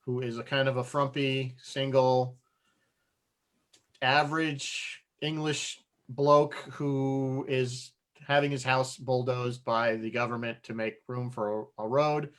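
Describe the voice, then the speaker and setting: Man, podcast co-host, loose rambling storyteller, quick to laugh. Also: mid-range voice, level tone, a bit bright. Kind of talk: casual chat.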